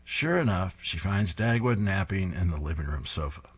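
A man's voice: deep voice, expressive, normal speed, slightly rough. A man reading comic strips aloud, describing each panel in an amused, descriptive way.

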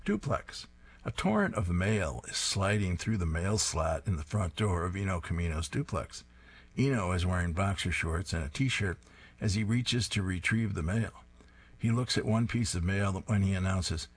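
Deep husky man reading comics aloud. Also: expressive, normal speed. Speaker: comics reader.

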